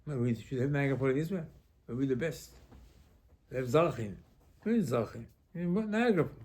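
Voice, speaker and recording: Male rabbi, conversational Torah teacher, warm mellow tone, halting phrasing. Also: medium pitch, lively intonation, husky. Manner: conversational, asks rhetorical questions. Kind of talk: informal Torah class.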